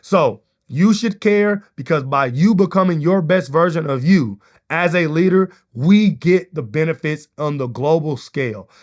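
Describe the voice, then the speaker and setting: Male podcast host, slightly higher voice, relaxed motivational solo talk. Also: measured pace, few pauses. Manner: casual, energetic, keeps asking "right?".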